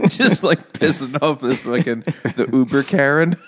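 A man's voice: mid-range voice, moderate pace, few pauses. A man co-hosting a podcast, tossing in profane wisecracks and laughing at his own jokes. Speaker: podcast co-host. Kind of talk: casual chat.

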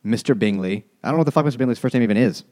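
A man's voice: medium pitch, racing, a little mellow. A man co-hosting a casual podcast about a book, talking crudely and joking as he sums up the plot. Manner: crude, joking, quotes characters in mock voices. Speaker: podcast co-host. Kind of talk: casual comedic book chat.

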